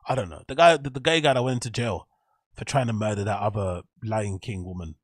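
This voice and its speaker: A man's voice: fairly low pitch, brisk, no echo, studio quality. A man giving rambling, profane reaction commentary as host, laughing often.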